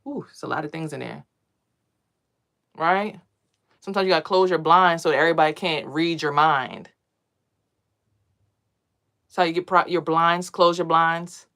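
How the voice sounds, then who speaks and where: A spiritual vlogger and mother gives a casual, rambling monologue to camera on meditation and energy, swearing and talking in a streetwise way. She has a deep, slightly bright voice at normal speed and pauses often.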